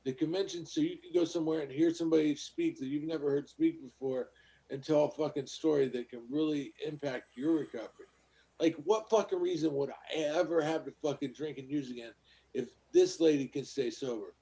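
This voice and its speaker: A man with a somewhat high, gravelly voice talks on a casual podcast. He is blunt and profane, and he tells stories at length. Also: a little fast, warm tone. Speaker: podcast co-host.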